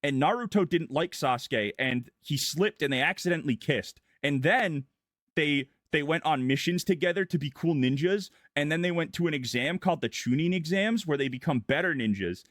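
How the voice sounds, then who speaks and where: A man's voice: fairly high pitch, expressive, moderate pace, fairly bright tone, no room sound, clean studio sound. A man streaming as a vtuber, goofily recapping a story in long run-on sentences. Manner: goofy, irreverent, breathless run-on storytelling. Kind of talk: casual rambling plot recap.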